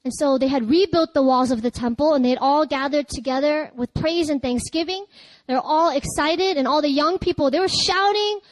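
A woman pastor giving a lively, chatty sermon, breaking into laughter and loud cries. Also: sits high, normal speed, dry recording, low-quality recording.

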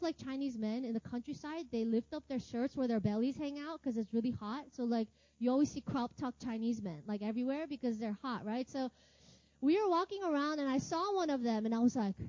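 High, mellow-voiced woman preaching casually. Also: dry recording, lo-fi sound. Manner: chatty, laughs often, lots of filler words and tag questions. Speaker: ministry teacher. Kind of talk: casual sermon storytelling.

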